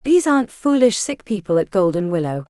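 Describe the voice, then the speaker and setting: A woman's voice: on the low side, big pitch swings, brisk, warm tone, no echo, studio quality. A woman voicing a loyal, headstrong young witch nurse who talks bluntly and urgently, in an audiobook. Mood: defiant.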